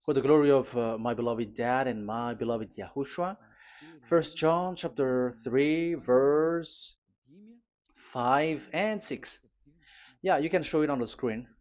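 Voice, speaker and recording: A man's voice: medium pitch, darkish tone. A man preaching a live sermon, reading scripture aloud and pressing urgent warnings on his listeners, with frequent fillers and restarts. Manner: halting, many fillers and restarts. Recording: dull lo-fi sound.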